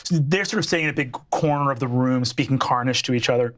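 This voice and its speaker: A man's voice: medium pitch, fast, fairly bright tone. A man narrating as game master, rambling with fillers and restarts.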